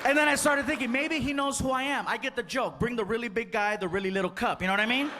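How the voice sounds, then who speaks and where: A man's voice: very high voice, fast, over music, a crowd in the background. A man doing stand-up comedy, animatedly telling a story and acting out the people in it. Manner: animated, acts out dialogue, laughing. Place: comedy stage before an audience. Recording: live show with audience laughter and noise.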